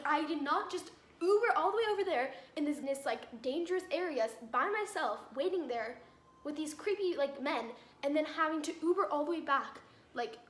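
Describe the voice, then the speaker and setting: A teenage girl vlogging a storytime, exasperated and full of "like" fillers, in a roomy space. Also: sits high. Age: teens. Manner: exasperated, filler-heavy retelling. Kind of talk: storytime vlog. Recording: roomy echo with faint ambience.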